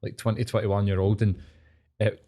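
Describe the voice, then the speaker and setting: Laid-back Scottish man, lowish voice. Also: little pitch movement, moderate pace, warm tone. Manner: laid-back, sweary, rambling. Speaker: podcast co-host. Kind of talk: casual chat.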